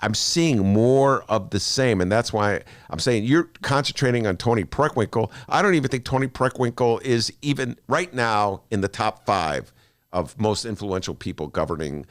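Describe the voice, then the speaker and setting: A man's voice: on the low side, moderate pace, no echo, clean studio sound. A man hosting a talk show, chatting casually and hesitating with many fillers.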